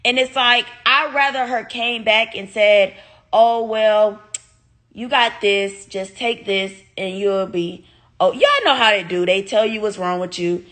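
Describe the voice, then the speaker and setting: A young woman, telling her viewers a story in a casual, animated, profane way. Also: mid-range voice, measured pace. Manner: animated, profane, talks straight to her audience. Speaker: vlogger.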